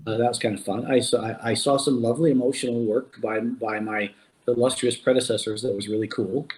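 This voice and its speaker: Guy voice actor chatting in an interview, stops and restarts a lot, mid pitch. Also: fairly even intonation, brisk, darkish tone. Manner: hesitant, repeats words while searching for thoughts. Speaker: voice actor guest. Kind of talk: casual interview talk.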